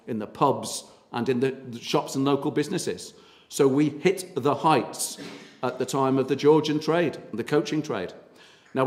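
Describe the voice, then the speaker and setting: A man's voice: medium pitch, a little mellow. A man giving a local history talk, chatty and full of ums and uhs. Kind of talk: public lecture. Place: meeting hall. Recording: long hall reverb.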